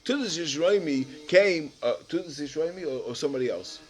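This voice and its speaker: A man with a Yeshivish English accent teaching a Talmud lesson, halting with many restarts and repeated words, rising loud when he explains. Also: a little high, lively intonation, soft background music.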